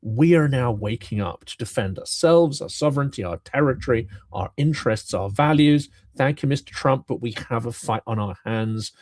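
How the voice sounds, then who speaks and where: A man co-hosting a political talk show, measured and emphatic, his voice worn from talking. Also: medium pitch, expressive, a little mellow, no echo. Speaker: co-host. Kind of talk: political commentary.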